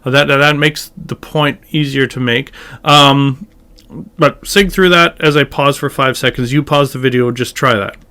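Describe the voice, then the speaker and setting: Smooth-voiced man teaching chant. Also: mid-range voice, moderate pace. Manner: relaxed, thinks aloud with fillers, breaks into sung chant phrases. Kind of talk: casual tutorial explaining and singing chant.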